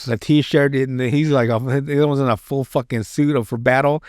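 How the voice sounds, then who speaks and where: A man's voice: mid-range voice, fairly even intonation, brisk, darkish tone, smooth, no room sound, clean studio sound. A man hosting a podcast, recapping a show in casual chat, rambling and swearing with many restarts. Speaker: podcast host.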